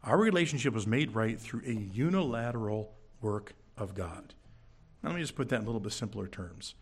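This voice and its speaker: Lively, animated male preacher. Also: fairly quick, breathy edge. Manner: animated, jokey storytelling with sudden high bursts. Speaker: pastor. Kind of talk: sermon.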